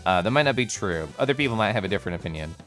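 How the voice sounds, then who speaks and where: A man's voice: on the low side, lively intonation, very fast, fairly bright tone, faint music behind. A man streaming live, chatting casually and greeting viewers by name in a bubbly, giggly way. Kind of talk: casual chat reading viewer messages.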